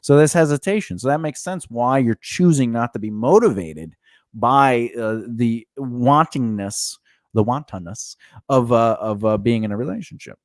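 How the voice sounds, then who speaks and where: A man's voice: mid-range voice, animated, moderate pace, no room sound, clean studio sound. A man co-hosting a casual podcast, questioning and teasing his guest and stopping to restart his thoughts. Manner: probing, teasing, with frequent laughter; restarts and trails off into mumbles. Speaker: podcast co-host. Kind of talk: casual conversation.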